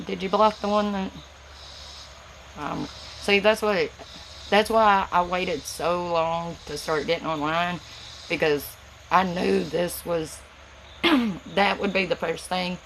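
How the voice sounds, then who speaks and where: Gravelly Southern woman chatting on a live stream. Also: on the low side, slow pace, pauses often, fairly bright tone, a little hiss or hum, rough recording. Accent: Southern US, Tennessee. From Southern United States. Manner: reads viewer comments aloud and answers them, chatty, slight stutter, words run together. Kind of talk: casual live-stream chat with viewers.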